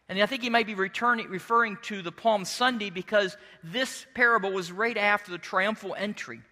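A middle-aged male pastor preaching a sermon as an expressive storyteller who slips into character voices. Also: high-pitched, fairly quick, hardly any pauses, long reverb tail.

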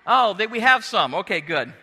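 A middle-aged male pastor preaching a sermon as an expressive storyteller who slips into character voices. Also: high voice, moderate pace, breathy edge, long reverb tail.

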